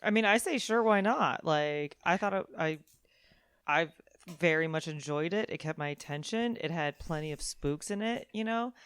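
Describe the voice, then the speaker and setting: A woman's voice: sits low, lively intonation, normal speed, fairly bright tone, clear, resonant tone, dry recording, clean studio sound. A woman co-hosting a casual film podcast, easygoing, with stammering starts. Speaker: podcast co-host.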